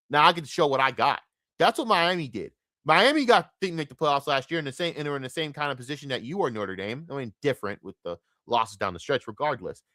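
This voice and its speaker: A man hosting a podcast, delivering a heated, profane sports rant that swings between loud outbursts and low mutters. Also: no echo, studio quality. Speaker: podcast host.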